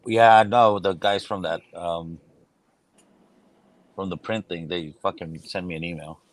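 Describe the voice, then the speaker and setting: A man hosting a casual backyard podcast chat, swearing freely and laughing loudly. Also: deep voice, steady tone, measured pace, no room sound. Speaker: podcast host.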